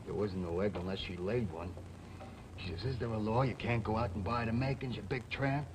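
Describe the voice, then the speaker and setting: An actor playing a rough New bartender who grumbles in slang and mimics others' voices, in a 1960 television drama. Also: male voice, lowish voice, a little fast, background noise, natural voice. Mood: grumbling. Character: rough bartender, anxious and defensive.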